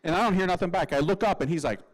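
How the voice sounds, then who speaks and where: Lively, slangy male priest telling a story. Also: high voice, racing, slight background noise, rough recording. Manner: lively, slangy, acts out voices. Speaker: Catholic priest. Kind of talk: humorous storytelling testimony.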